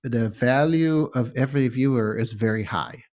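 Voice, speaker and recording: A man's voice: mid-range voice, normal speed, darkish tone, highs cut off. A man with a hard-to-place mixed accent, a podcast guest in his home office, chatting casually and often asking "right?". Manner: conversational, says "right?" often.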